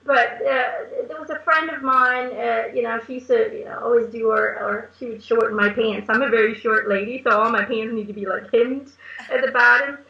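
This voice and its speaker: A woman interviewed as a medium tells chatty stories and laughs often in casual conversation. Her voice is on the high side and gravelly, with fairly even intonation at a moderate pace, on an echoey, dull lo-fi recording.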